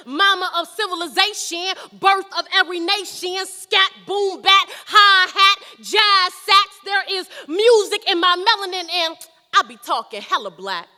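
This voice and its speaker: A woman's voice: very high voice, bright, forceful tone. A woman performing a spoken word poem with a rhythmic, emphatic delivery, recorded in an echoey hall. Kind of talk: slam poetry performance.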